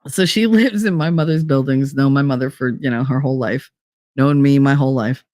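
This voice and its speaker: A woman's voice: extremely low pitch, fairly quick, no room sound. New woman, middle-aged, podcast host, casual storytelling, salty language, dry close sound. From Hoboken, New Jersey. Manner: animated, swears freely, frequent laughter.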